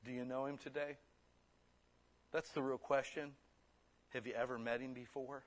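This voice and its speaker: A man preaching a sermon, blunt and forceful, slipping into quick mimicked excuses. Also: mid-range voice, little pitch movement.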